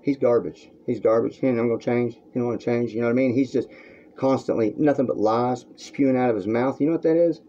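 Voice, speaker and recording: Talking fast in a mellow, mid-range voice, a man unloads a crude and heated rant on his vlog. He rambles to the camera from a room at home, and the recording is dull and lo-fi.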